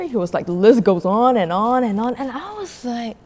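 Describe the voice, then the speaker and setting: A woman's voice: a little high, moderate pace, few pauses. A woman guest on a podcast telling a story animatedly in casual talk, peppered with "like" and laughter. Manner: animated retelling, heavy filler "like", frequent laughter.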